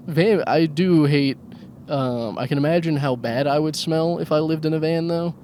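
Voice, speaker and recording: A man's voice: on the high side, normal speed, darkish tone, a little hiss or hum. A man hosting a solo comedy podcast from his car while driving, crude and self-mocking, often laughing. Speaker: podcast host. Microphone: handheld microphone.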